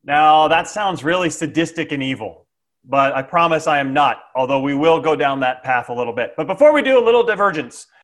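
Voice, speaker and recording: A man giving a lively, jokey sales training talk, often checking in with "okay?". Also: on the high side, fairly quick.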